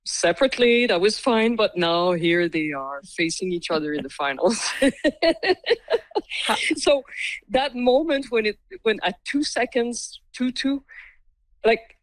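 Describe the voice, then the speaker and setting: A woman answering interview questions with a hoarse voice, talking in an animated, laughing way and restarting her thoughts. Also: mid-range voice, unhurried, no echo. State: hoarse from cheering. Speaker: interviewee, hockey fan. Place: Laval.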